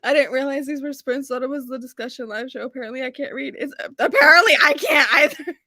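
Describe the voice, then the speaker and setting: A woman's voice: high voice, fast, pushed and bright, dry recording, studio quality. A woman chatting casually on a live reading stream, laughing to tears and saying y'all. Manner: giggly, laughing hard, says y'all.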